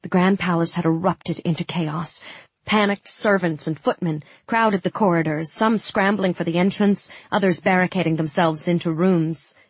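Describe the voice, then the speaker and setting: A woman narrating a fantasy audiobook in the first person, with steady, dramatic storytelling on a close studio mic. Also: on the low side, moderate pace, breathy edge, no room sound.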